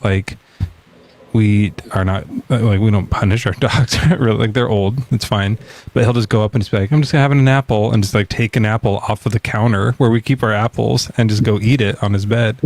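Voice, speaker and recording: A man hosting a live call-in podcast who chats in a relaxed, rambling way, with laughs and fillers. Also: fairly low pitch. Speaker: podcast host. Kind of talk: casual live-stream chat.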